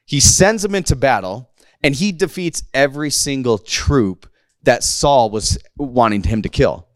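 A man in his thirties preaching in a loose, conversational way, full of slang and playful acted-out quotes. His voice sits at a middle pitch. The sound is dry and close, with little room in it. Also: dry recording. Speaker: pastor. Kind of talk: casual conversational sermon.

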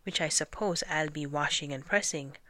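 A woman's voice: low-pitched, normal speed, a bit bright, no room sound. A woman reading a storybook aloud and voicing a plucky young peasant girl with folksy, dryly doubtful replies. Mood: wry.

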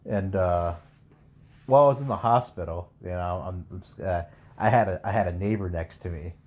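A man's voice: low-pitched, moderate pace, a little mellow. A man co-hosting a podcast, telling stories in a crude, profane casual chat. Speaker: podcast co-host.

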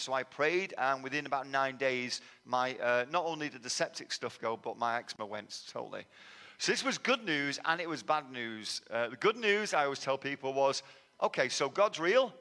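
Raised in Manchester, England, this guest preacher gives a sermon testimony in a conversational, self-deprecating storytelling style with a Manchester accent. His mid-range voice is bright and forceful, and the recording carries a long hall reverb.

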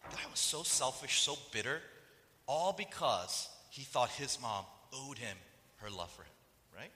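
A man's voice: mid-range voice, measured pace, big-room sound, slight background noise. A man preaching a conversational sermon as pastor, telling stories and acting out the voices of the people in them. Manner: animated storytelling that acts out quoted voices.

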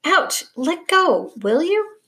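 A woman voicing an excitable young boy in a storybook reading, with a high squealing voice. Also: slow pace, heavily acted.

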